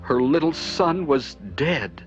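A man giving scripted narration of a children's Bible story, expressive and animated. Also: a little high, takes it slowly. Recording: dull lo-fi with music behind.

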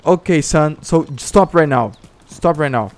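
Speaking a bit slowly, this Brazilian Portuguese-accented gamer streamer has a voice on the high side with lively intonation, and a little hiss or hum is audible. In voice chat during gameplay he commands teammates, mocks other players, swears and laughs.

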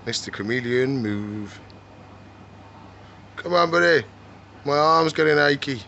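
A man hosting a casual vlog from his reptile shop, chatting and gently coaxing the animals. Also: medium pitch, takes it slowly, long pauses, lo-fi sound, slight background noise. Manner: chatty, coaxes the animals in a soft, doting voice.

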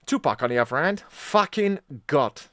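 A man's voice: on the high side, normal speed, dry recording, studio quality. Ranting, swearing man. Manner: profane, ranting, animated. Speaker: music reaction host. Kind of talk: casual reaction commentary.

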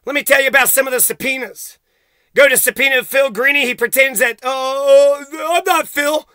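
High, bright-voiced man ranting. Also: fairly even intonation, quick pace, dry recording. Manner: heated, swearing constantly, accusatory. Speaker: vlogger. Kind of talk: profane angry rant to camera.

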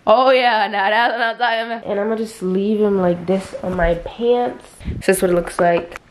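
A woman's voice: medium pitch, steady tone, moderate pace, slight background noise. A woman chatting casually to camera in her vlog as she gets ready at home, talking to herself along the way. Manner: chatty, talks to herself while getting ready. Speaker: vlogger. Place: at home indoors.

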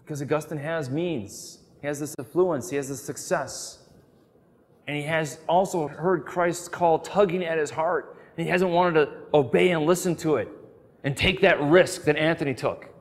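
A man giving a teaching lecture on scripture, telling a story earnestly and moving between emphatic and hushed delivery. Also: fairly high pitch, moderate pace, big-room sound.

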